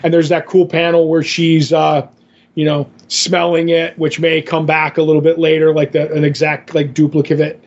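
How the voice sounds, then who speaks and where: A man's voice: on the high side, monotone, normal speed, a little mellow, dull audio. A man co-hosting a podcast, recapping a comic issue in a loose, rambling way full of "like" and "kind of a deal". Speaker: podcast co-host. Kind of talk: casual comic book recap.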